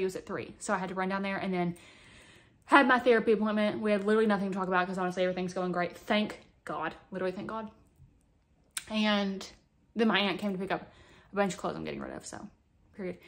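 A woman's voice: medium pitch, steady tone, quick pace, a bit bright. A young adult woman doing a casual makeup vlog, chatty and dramatic with playful exaggeration, talking close to the camera at home. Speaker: beauty vlogger.

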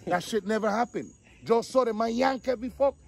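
A man, animated casual storytelling, acting out the voices of the people in his story. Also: extremely high pitch, brisk, vocal fry. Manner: animated, acts out quotes, repeats 'dog'.

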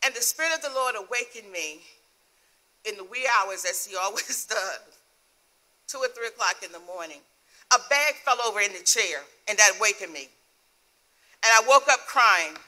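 A middle-aged woman, a guest minister, telling an emotional personal testimony in a sermon with soft laughs. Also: medium pitch, animated, normal speed, pauses often.

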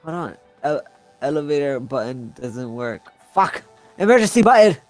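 A young man in casual gaming chat, easygoing and quick to laugh. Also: fairly high pitch, sing-song, no echo, soft background music. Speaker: gamer.

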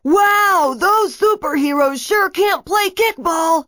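A woman voicing Brackus, a smug, scheming male villain and inventor in a children's storybook, speaking loudly and boastfully. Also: medium pitch, sing-song, slow, gravelly, breathy edge, no room sound, clean studio sound, heavily acted. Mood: bellowing. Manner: loud, boastful.

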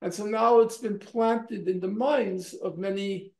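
Emphatic high-voiced older man in echoey room. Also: steady tone, measured pace, darkish tone. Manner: emphatic, rhetorical questions, many fillers and restarts. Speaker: interview guest. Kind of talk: argumentative interview answer.

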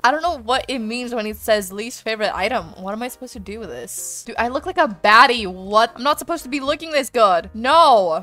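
A teenage girl giving excitable, chatty commentary on a game she is playing, with sudden squeals and frequent laughing. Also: mid-range voice. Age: teens. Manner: chatty, slangy teen talk. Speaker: gaming video creator.

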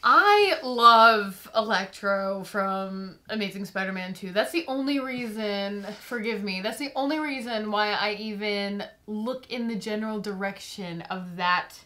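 A young woman co-hosting a casual movie review chat, bubbly and animated, often breaking into laughter. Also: medium pitch, unhurried, few pauses. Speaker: co-host of a movie review show.

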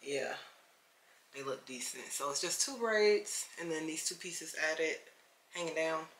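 A woman chatting casually to camera at home, easygoing and talkative. Her voice is bright and forward. It bounces around a hard, echoey room. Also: low-pitched, lively intonation, unhurried, a little hiss or hum. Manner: chatty and easygoing, calls the viewer "child". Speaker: lifestyle vlogger. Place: home, indoors.

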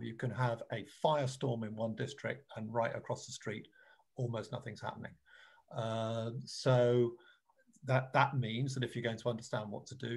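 Gravelly British man presenting a webinar. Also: medium pitch, darkish tone. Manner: earnest, repeats words while explaining. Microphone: video call.

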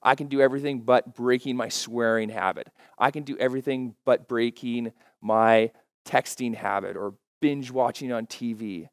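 A man preaching a sermon as pastor, stressing key phrases by slowing down and repeating them. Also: mid-range voice, fairly even intonation, dry recording, clean studio sound. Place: church.

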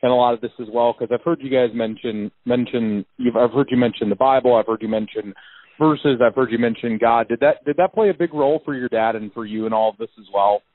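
A man hosts a podcast interview and stumbles over his first words, repeating them before he gets a question out. His voice has an ordinary mid pitch. The sound is narrow and phone-like, with no room around it. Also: a little fast, dry recording. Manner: stammering, repeats words when starting a question. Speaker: podcast host. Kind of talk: casual interview.

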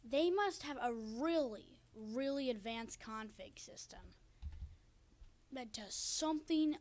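High-voiced excitable woman gaming. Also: slow pace. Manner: chatty, excitable, talks to viewers. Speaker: gaming video creator. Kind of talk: casual Let's Play commentary. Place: home room by a window. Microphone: cheap desk microphone.

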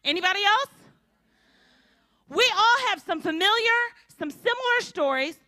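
A woman preaches at a women's conference, and her voice sits high and swings widely in pitch. Her tone is bright, and she acts out the people in her stories. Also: normal speed, no room sound. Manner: animated storytelling with acted-out voices. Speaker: conference speaker. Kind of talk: sermon.

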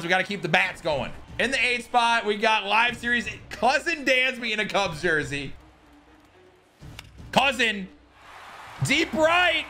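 Young man, gaming commentary, lively swooping pitch, bright tone, faint music behind, hyped and groaning. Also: slight background noise. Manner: hyped, swings between shouting and groaning. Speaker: gaming YouTuber. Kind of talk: excited gameplay commentary.

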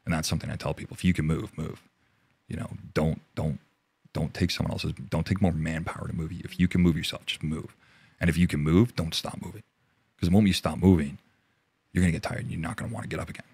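A Canadian army veteran talks through a war story as an interview guest, his voice very deep, husky and gravelly, with rough fry and a steady, slightly mellow tone. He swears freely and keeps breaking off mid-sentence to restart. The recording is close and dry, with no echo.

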